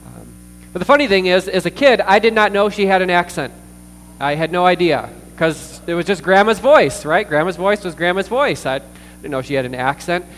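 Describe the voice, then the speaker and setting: Earnest pastor preaching in a reverberant hall. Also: male voice, high-pitched, fairly bright tone. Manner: earnest, pausing with fillers and repeated words. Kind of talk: sermon. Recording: distant reverberant hall with mains hum.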